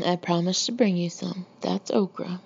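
A woman's voice: lowish voice, fairly even intonation, measured pace, creaky, a little mellow, husky, full character voice. A woman voicing a tiny, elegant old Southern lady who speaks in a prim, courteous way, in a muffled lo-fi recording. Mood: genteel. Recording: muffled lo-fi recording with faint hiss.

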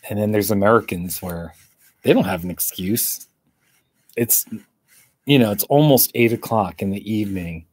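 Slow, husky man chatting lazily. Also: lowish voice. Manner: relaxed, rambling, drawn-out talk. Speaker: live streamer. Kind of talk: casual live-stream chat. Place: outdoors in a hammock.

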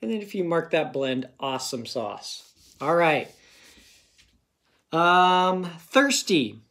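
A man teaching young children to read, talking slowly and patiently. He breaks words into single sounds and stretches them out. He keeps checking in with the class after nearly every sentence. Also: on the high side, animated, a bit bright. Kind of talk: phonics lesson for children.

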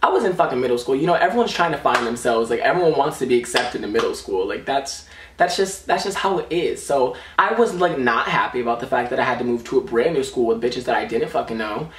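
A man's voice: medium pitch, expressive, fast, slight background noise. A young man tells a story from his school days in a sassy, dramatic vlog voice full of swearing. His voice sits in the middle range, and the recording has a roomy echo with the mic set some distance away. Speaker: vlogger.

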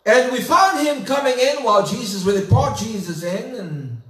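A man pastor preaching a sermon, retelling scripture slowly and dramatically, building to emphatic questions. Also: very high-pitched, animated, fairly bright tone, roomy sound, recorded from a distance. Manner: slow, dramatic storytelling with rising emphatic questions. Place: church sanctuary.

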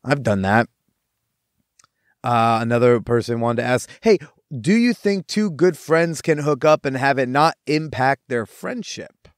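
A young man hosting a podcast, telling stories in a casual, animated way, with lots of swearing and quick asides. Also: mid-range voice, dry recording, studio quality. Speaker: podcast host. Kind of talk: casual storytelling monologue.

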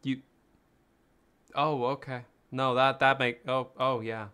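A man's voice: medium pitch, level tone, takes it slowly, sharp tone, clean tone. A man playing a game with friends, reading on-screen text aloud with stumbles, laughter and swearing. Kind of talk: casual let's-play chat.

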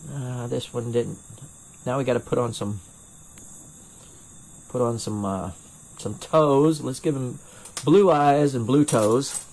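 A middle-aged man with a North Carolina accent chats through a live glassblowing demo at a mid-range pitch. He rambles, restarts his sentences and makes fun of himself as he answers viewers. The sound comes from a first-person camera mic at his home torch bench. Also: fairly even intonation, slow, long pauses, darkish tone, a little hiss or hum. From North Carolina, USA. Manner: rambling and self-deprecating, with frequent restarts. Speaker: glassblower streaming torch demos.

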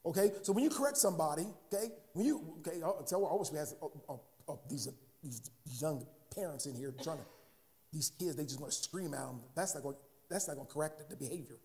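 A man's voice: fairly high pitch, quick pace, a little mellow. A man preaching a sermon as pastor, stammering through restarts and asking the congregation "huh?" between points. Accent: American. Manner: repeats words, asks "huh?" to the congregation.

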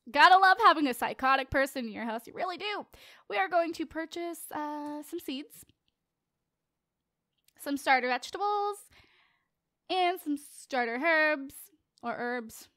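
A woman's voice: high-pitched, fairly bright tone, no room sound, studio quality. A teenage girl giving casual, playful commentary as she plays a life-simulation game, chatting and joking with her viewers. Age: late teens. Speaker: let's play host.

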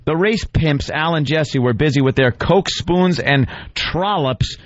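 A man's voice: fairly high pitch, measured pace, no echo, highs cut off. A man co-hosting a radio show, reading a blog aloud in a sarcastic, mocking way. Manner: sarcastic, reads text aloud and mocks it. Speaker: radio co-host. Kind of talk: mocking read-aloud commentary.

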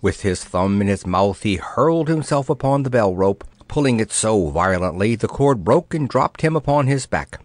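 A man narrating a children's storybook in an expressive, playful way. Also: lowish voice, moderate pace, few pauses, no echo. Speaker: audiobook narrator.

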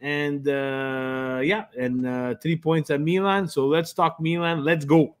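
A man's voice: fairly high pitch, steady tone, takes it slowly. A man co-hosting a casual podcast, loose and hyped-up in his banter. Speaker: podcast co-host.

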